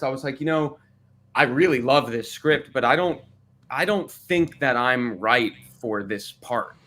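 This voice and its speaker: An American man telling stories in a casual livestream chat, laughing often and talking with lively energy. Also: medium pitch. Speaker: cast member on a livestream.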